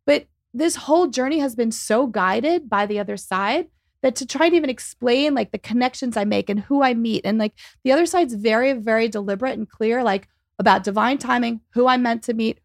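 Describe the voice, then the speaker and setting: A woman telling a story as a guest in a podcast interview, animated and quick, acting out the people she quotes. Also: on the high side, gravelly, no echo, studio quality. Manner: fast, animated, acts out quoted dialogue. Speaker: psychic medium and author, guest.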